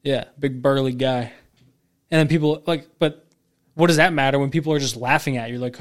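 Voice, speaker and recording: This co-host of a laid-back podcast talks fairly quickly in a slightly high voice. He's an animated storyteller who curses freely and acts out whoever he's quoting.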